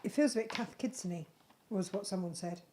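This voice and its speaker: A chatty woman hosts a casual live craft stream, rambling warmly about her handmade pieces. Her voice sits at an ordinary middle pitch. A faint hiss of background noise sits under her voice. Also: a little fast. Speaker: craft channel host.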